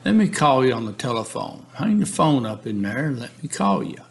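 A persistent male police negotiator, read out by a man, keeps pressing in a gravelly voice with a steady, repetitive rhythm. He coaxes and pleads plainly rather than dramatically, like someone working through a transcript. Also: medium pitch, fairly quick. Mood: coaxing. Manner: steady, repetitive coaxing reading. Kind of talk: reading a case transcript aloud.

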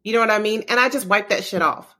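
Blunt woman on a podcast, bright sharp voice, swears a lot, tough talk. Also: medium pitch, fast. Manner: blunt, tough, swears freely, acts out quotes. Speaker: podcast co-host. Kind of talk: casual chat.

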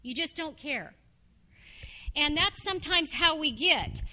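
A woman's voice: sits high, expressive, measured pace, sharp tone. A woman preaching a sermon in a conversational, earnest storytelling way.

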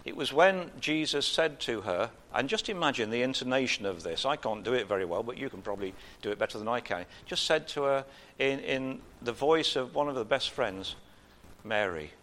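A man preaching an informal sermon in a conversational way, with frequent pauses and gentle humor. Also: mid-range voice, animated.

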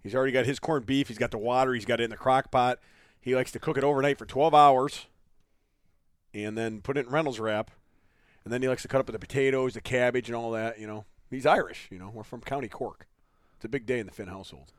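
A man co-hosting a casual podcast, cracking crude jokes with quick loud outbursts. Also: medium pitch, dry recording, clean studio sound. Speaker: podcast co-host. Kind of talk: casual chat.

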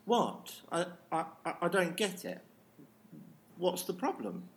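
A nervous newcomer actress, played by a woman in a comedic audio play. She keeps asking puzzled questions, slowly, with her voice rising and falling widely. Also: fairly low pitch, very animated.

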